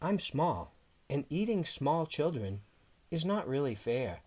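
A man voicing a brave, polite little boy in a children's picture book, exclaiming in a high voice. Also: huge pitch swings, unhurried, full character voice. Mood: bold. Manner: high-pitched, loud exclaiming.

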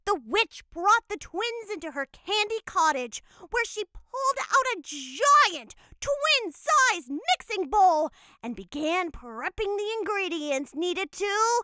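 A cheerful cat mother telling a cartoon storybook tale, her voice very high, bright and lively as it rises and falls. She narrates with unhurried playfulness, close and dry. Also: dry recording, exaggerated voice.

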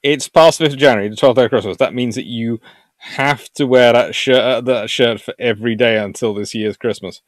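A man hosting a naval history livestream, chatting with viewers in an animated, jokey way. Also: medium pitch, brisk, dry recording. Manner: animated and jokey, puts on silly voices for nations. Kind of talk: live stream talk answering chat.

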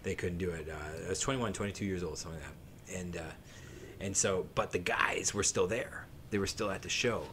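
A man in his late thirties from southern Ontario, a guest musician on a podcast, tells a long story in a rambling, profane way full of fillers and laughter. His low voice is brisk with a fairly bright tone, and there's a little hiss or hum in the recording.

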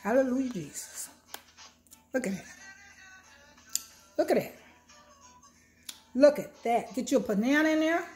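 An older woman with a high voice, taking her time as she hosts a home cooking vlog. She speaks like a minister, with churchy warmth, and hums long and low as she tastes. Soft music plays underneath. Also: expressive. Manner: warm, preachy, tastes food with drawn-out hums.

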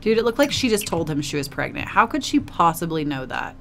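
A woman's voice: fairly low pitch, big pitch swings, fast, a bit bright, soft background music. A woman casually narrating a life-simulation game, chatty and emotive, cooing at her characters. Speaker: gaming video host. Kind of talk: casual let's play commentary.

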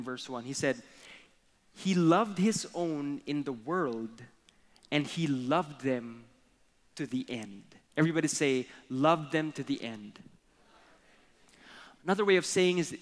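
A young adult man with a Filipino accent preaching a sermon, mixing English and Tagalog with animated storytelling. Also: on the high side, big-room sound. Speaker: pastor.

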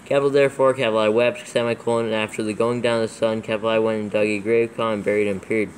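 A man's voice: lowish voice, flat delivery, racing, a little hiss or hum, rough recording. A man reading scripture aloud for proofreading, calling out capitals and punctuation marks as he goes. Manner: reads steadily, spelling out capitals and punctuation. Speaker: reader dictating scripture for proofreading. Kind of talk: dictating text aloud with punctuation.

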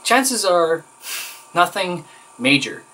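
Speaking slowly but very animated, a man vlogs straight into the camera, rambling and venting with an exasperated edge and many fillers. His voice is high and sharp, and the recording sounds poor.

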